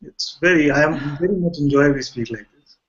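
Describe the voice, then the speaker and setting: Calm explaining male spiritual teacher. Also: a little fast, slight background noise. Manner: calm, explanatory, repeats phrases. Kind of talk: satsang dialogue. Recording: dull low-fidelity sound.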